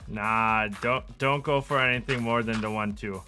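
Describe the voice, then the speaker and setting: An easygoing, folksy small-town buddy handing out advice, put on by a man. The voice sits higher than his normal talk. Game music runs behind. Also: fairly even intonation, moderate pace, close to an everyday voice.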